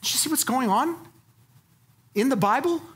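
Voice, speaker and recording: A woman pastor delivering a sermon, lively and dynamic, dropping to low, soft tones for emphasis. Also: moderate pace.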